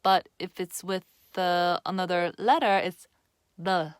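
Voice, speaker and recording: A woman teaching pronunciation in a slow, unhurried way, repeating each sound patiently for the viewer. Her voice sits at a middle pitch and the sound is dry and close, with no room echo. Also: steady tone, clean tone. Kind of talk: casual on-camera pronunciation lesson.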